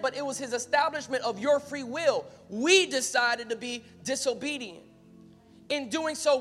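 A man preaching a sermon as pastor, talking casually at times and building to loud, emphatic calls to the congregation. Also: extremely high pitch, long reverb tail. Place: church sanctuary.

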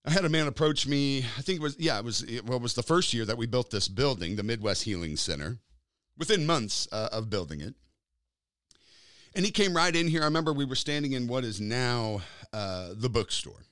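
A man preaching in a conversational style, emphatic, drawing out key words and jumping up in pitch to stress them. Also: expressive, fairly quick, a bit bright, clean tone, dry recording, clean studio sound. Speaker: pastor.

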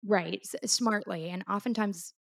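A woman co-hosting a casual podcast, reflecting out loud and circling back to rephrase herself. Her mid-pitched voice carries a gravelly fry. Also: measured pace. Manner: reflective, thinks aloud with restarts. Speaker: podcast co-host. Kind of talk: casual chat.

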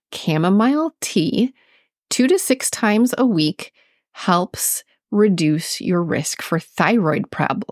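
A woman's voice: lowish voice, no room sound, studio quality. A woman in her thirties with a Minnesotan accent, hosting a solo health podcast in a chatty, earnest way and laughing at herself now and then. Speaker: podcast host.

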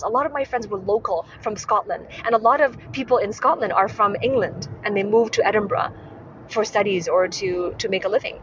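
A woman's voice: a little high, fairly bright tone. A woman from Hong Kong, a communication coach, speaking straight to the camera and repeating her key points with rhetorical questions. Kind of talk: direct-to-camera coaching video. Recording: dull muffled sound with clear background noise.

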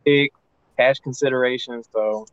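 A man in casual radio chat, breaking down his points in an animated way. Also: medium pitch, measured pace, no echo, lo-fi sound.

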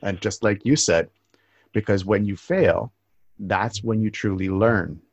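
A man with a very deep voice chats casually and rambles, restarting his phrases. The sound is dry and a little dull. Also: unhurried, no echo. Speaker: podcast host. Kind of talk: casual conversation.

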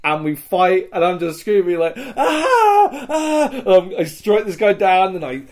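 A man, a podcast host telling a live-action role-play story in casual chat, swearing, laughing and acting out shouts. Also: high-pitched, normal speed. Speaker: podcast host recounting a LARP event.

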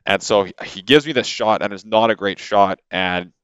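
A Canadian man appears as a podcast guest, telling a story into the podcast microphone in a casual, animated way full of fillers and repeated words. His voice is lowish and smooth at a normal speed, and the audio is dull with no echo.

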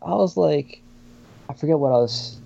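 Guy guesting on a podcast, mellow voice, lots of ums and uhs, muffled lo-fi audio. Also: a little high, moderate pace, gravelly. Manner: earnest, hesitant, many fillers. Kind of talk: casual conversation. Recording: dull lo-fi sound.

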